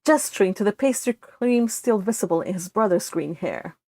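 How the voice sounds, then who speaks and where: A woman's voice: medium pitch, expressive, moderate pace, a little mellow, no room sound. A woman reading her own fan fiction aloud, narrating steadily in a read-along with occasional slips.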